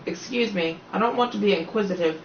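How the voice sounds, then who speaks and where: A man's voice: high voice, fairly quick, a little hiss or hum. A man voicing a courteous, shy, slightly melancholy male faun in a storybook, with fussy, formal, old-fashioned politeness. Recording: roomy, slightly dull home recording.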